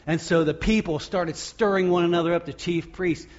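A man preaching a sermon as pastor, acting out the crowd's shouts and the quoted words. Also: high voice, brisk, dull audio.

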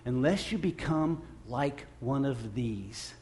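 A middle-aged man preaching a sermon, earnest and halting, with many repeated restarts, who grows louder when he acts out the scripture. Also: medium pitch, animated. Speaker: pastor.

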